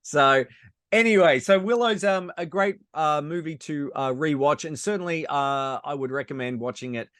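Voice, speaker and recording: A man's voice: fairly high pitch, normal speed, fairly bright tone, dry recording, clean studio sound. A man co-hosting a podcast in casual chat, chatty, with wry asides as he wraps up segments. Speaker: podcast co-host.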